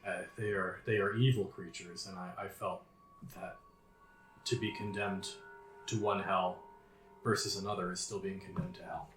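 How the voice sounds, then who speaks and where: A man voicing a weary townswoman living in hell, who speaks in a grave, halting, subdued way. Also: low-pitched, fairly even intonation, a bit bright, soft background music. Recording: roomy echo, faint noise.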